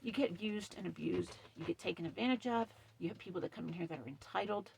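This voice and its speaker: A middle-aged woman camp host in a casual vlog, upset and shaky, talking emphatically in a dark trailer. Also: lowish voice, fast, creaky, slight background noise. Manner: upset, emphatic, retells quarrel with stern quoted lines. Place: dark trailer at night with ring light.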